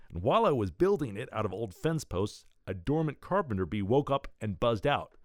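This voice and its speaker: A man reading his own wry column and a serial story as a show's host. His pitch moves in a lively way, and the sound is close and dry with no room echo. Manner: wry, pun-loving reading. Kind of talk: scripted column and serial narration.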